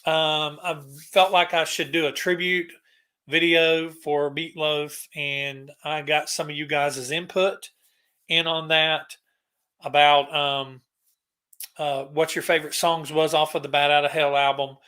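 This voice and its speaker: Bright-voiced man chatting on a livestream. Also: fairly high pitch, little pitch movement, a little slow, clear, resonant tone. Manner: rambling, greets viewers by name. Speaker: livestream host. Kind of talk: casual live-stream chat.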